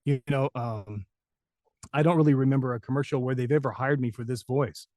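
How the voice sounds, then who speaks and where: A man's voice: medium pitch, fairly quick, a little mellow, no echo, clean studio sound. Chatty male voice actor telling stories. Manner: rambling, anecdotal, laughs often. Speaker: voice actor guest. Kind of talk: casual interview chat.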